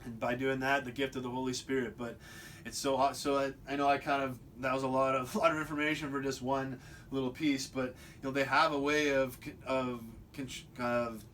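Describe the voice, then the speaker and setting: A man's voice: mid-range voice, level tone, a little fast, a bit bright, slight background noise. A man talking in a rambling, unscripted monologue to camera, often restarting and repeating words. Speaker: video host. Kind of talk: casual monologue.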